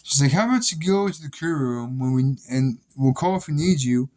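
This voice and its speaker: A man's voice: mid-range voice, lively intonation, brisk, darkish tone. A young man casually telling rambling, profane stories about his old job, with many restarts. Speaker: vlogger. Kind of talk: casual storytelling.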